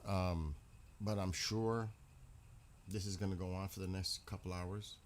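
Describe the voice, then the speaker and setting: Male streamer, low voice, casual rambling chat to viewers. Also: level tone, measured pace, slight background noise. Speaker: live streamer.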